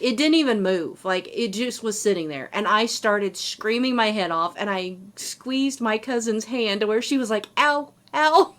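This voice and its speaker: Woman, podcast co-host, casual storytelling, animated, filler-heavy. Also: medium pitch.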